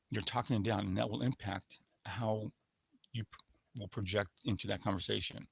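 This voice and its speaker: A man's voice: fairly low pitch, fairly even intonation, fairly quick, vocal fry, breathy edge, dry recording. A man presenting a sales-skills webinar in a coaching manner, showing voice patterns with sample phrases. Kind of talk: instructional webinar talk.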